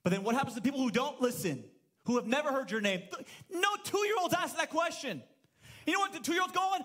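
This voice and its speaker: A man's voice: very high-pitched, big pitch swings, fast, a bit bright, slightly rough. A man in his thirties preaching a sermon as pastor at a church service, telling stories with playful acted-out voices and humor.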